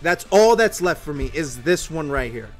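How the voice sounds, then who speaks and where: A young man hosting a mobile game channel, giving casual, excitable commentary while pulling summons, swearing often and swinging from gloomy muttering to shouting. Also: a little high, moderate pace, faint music behind.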